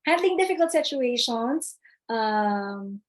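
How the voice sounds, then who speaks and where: A woman's voice: fairly high pitch, expressive, takes it slowly, rough recording. Woman presenting a webinar. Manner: chatty, repeats key points, reads chat aloud. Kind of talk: live webinar talk.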